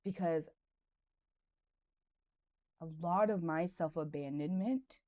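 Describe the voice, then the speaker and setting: Female podcast host, low warm voice, candid confessional storyteller, casual and chatty. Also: takes it slowly. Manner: casual and conversational, with frequent "like" and "right". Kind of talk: personal reflective monologue.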